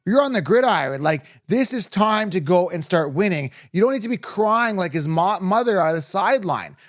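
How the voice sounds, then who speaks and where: A man's voice: sits high, expressive, normal speed. A man hosting a fantasy football show, giving blunt, opinionated sports commentary to camera and often tagging lines with "okay?" or "right?".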